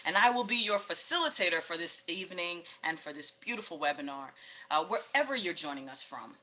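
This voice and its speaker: Upbeat woman webinar host, bright voice, greets people cheerfully over a computer mic. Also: on the low side. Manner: upbeat, greets attendees by location, laughs often. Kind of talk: live webinar welcome.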